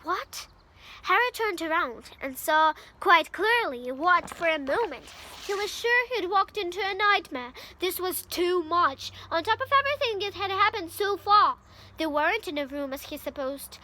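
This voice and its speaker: A woman's voice: very high-pitched, animated, normal speed, bright, forceful tone, slight background noise. A woman from Ukraine reads a novel aloud in English, reading carefully and sometimes stumbling and restarting. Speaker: reader.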